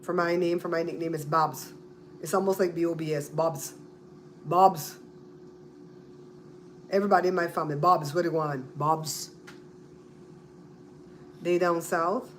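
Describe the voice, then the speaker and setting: A Belizean woman chats casually on her livestream, talking to viewers by name. Her voice sits a little low, and she likes to repeat and spell words out. A faint noise hums behind her. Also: fairly even intonation, measured pace, pauses often. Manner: chatty, repeats and spells out names. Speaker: livestream host. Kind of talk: casual live-stream chat with viewers.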